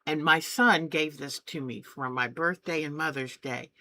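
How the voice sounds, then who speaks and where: A woman's voice: sits low, normal speed, sharp tone. A woman hosting a craft video, chatting eagerly and often trailing off mid-sentence. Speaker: craft channel host. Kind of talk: casual crafting tutorial.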